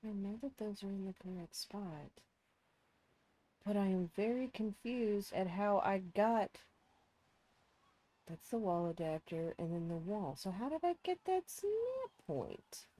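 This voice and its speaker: A woman's voice: mid-range voice, animated, unhurried, dark tone, no room sound. A woman streaming a building game in casual chat, thinking aloud and poking fun at herself while nursing a sore throat. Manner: chatty, self-mocking, thinking aloud.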